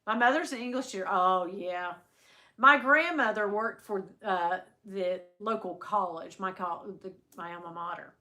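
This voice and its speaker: Southern lady rambling on her livestream, bright forward voice, lots of restarts. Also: medium pitch, moderate pace. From American South. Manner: chatty, rambling, many restarts. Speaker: livestream host. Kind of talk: casual chat with live viewers.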